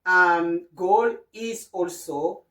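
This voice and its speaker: A woman's voice: lowish voice, very slow, pushed and bright, recorded from a distance. A woman teaching a beginner French lesson, spelling out letters one by one and checking in with the listener often. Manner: patient, repeats and spells out letters, checks in with "okay?". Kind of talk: slow beginner language lesson. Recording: roomy, from away from the mic.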